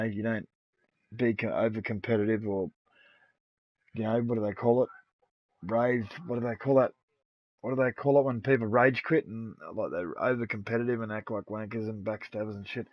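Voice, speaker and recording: A middle-aged Australian man live-streams a game, trading crude, boastful banter packed with swearing in casual gaming chat. His voice is mid-range with no echo, and the sound is dull, lo-fi, and dry.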